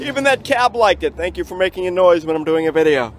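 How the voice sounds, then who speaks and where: A man with dry, deadpan delivery, talking outdoors on a city sidewalk. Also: high-pitched, moderate pace, creaky. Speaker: vlogger and lead. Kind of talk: casual video monologue. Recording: outdoor street recording with faint traffic.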